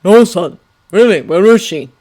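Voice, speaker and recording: A woman voicing a commanding middle-aged male king who makes loud proclamations. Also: medium pitch, animated, unhurried. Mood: incredulous.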